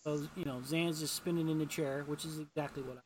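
A man's voice: on the high side, fairly even intonation, brisk. A man co-hosting a casual podcast, recapping a comic in a rambling way and acting out the characters' lines in a raised voice. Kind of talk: casual chat.

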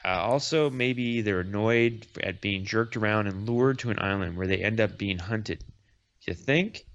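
A man's voice: on the low side, a little slow, fairly bright tone. A man reading the lines of a sarcastic young woman archer hero, in a dull lo-fi recording. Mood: wry.

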